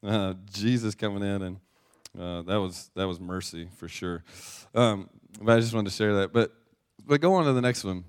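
Male pastor, low voice, conversational sermon with storytelling and lots of restarts. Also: normal speed, smooth. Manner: chatty, self-deprecating storyteller with restarts. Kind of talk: casual sermon with personal story.

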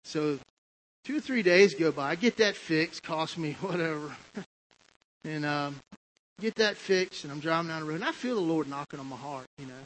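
A man's voice: a little high, lively intonation, moderate pace, a bit bright, poor audio. A man preaching a testimony sermon, telling his story in a conversational way with frequent asides to the listeners.

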